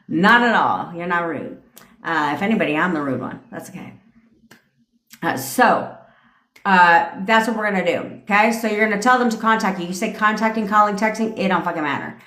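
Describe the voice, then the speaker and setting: A woman's voice: medium pitch, lively intonation, moderate pace, fairly bright tone. A woman manifestation coach on a livestream, talking bluntly and with a lot of profanity. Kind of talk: livestream pep talk. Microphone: phone. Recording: echoey room.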